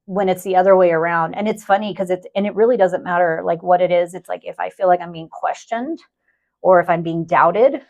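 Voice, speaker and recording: A woman's voice: fairly low pitch, brisk, a little mellow, dull audio. A woman co-hosting a podcast in casual chat, candid and profane, often laughing as she talks. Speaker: podcast co-host.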